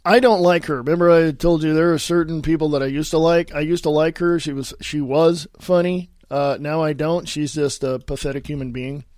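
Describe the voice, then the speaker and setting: A man hosting a solo political podcast, reading news headlines aloud with sarcastic asides and repeating himself, often coughing and clearing his throat. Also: fairly high pitch, fairly even intonation, brisk, few pauses, darkish tone, dry recording, studio quality. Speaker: podcast host.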